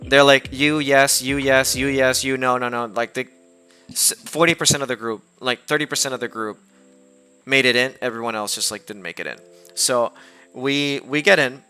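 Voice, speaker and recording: A man from the United States tells a casual story to his stream. His voice is bright and smooth, and he rambles with plenty of fillers and false starts. Faint background music plays under him. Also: mid-range voice, steady tone, moderate pace. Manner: rambling with many fillers and restarts. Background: soft background music.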